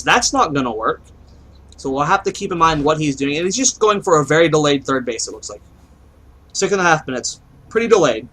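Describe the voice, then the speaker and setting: A man's voice: fairly high pitch, pushed and bright, a little hiss or hum, rough recording. A man giving solo play-by-play commentary on a strategy game match, chatty and explanatory, often thinking aloud and asking himself questions. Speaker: esports caster.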